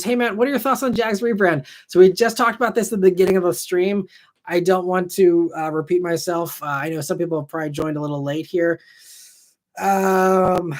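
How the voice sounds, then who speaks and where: Upbeat man rambling through chat questions. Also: fairly high pitch. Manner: relaxed and rambling, with many ums and restarts. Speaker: car channel host answering live chat questions. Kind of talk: casual live-stream chat.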